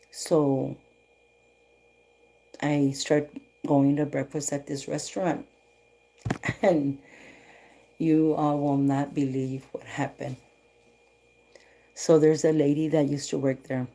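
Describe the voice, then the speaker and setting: A woman talks to her livestream viewers in a casual, storytelling way, voicing each person in the conversation as she goes. Her voice sits low and sounds mellow and relaxed. She slips a few Spanish phrases into her English. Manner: animated retelling, voicing both sides of dialogue. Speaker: livestream host.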